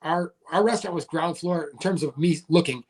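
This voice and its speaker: A man in his thirties with a fairly high voice talks as a podcast guest. His stories ramble and are full of "like" fillers. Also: brisk, a little mellow. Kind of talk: casual storytelling chat.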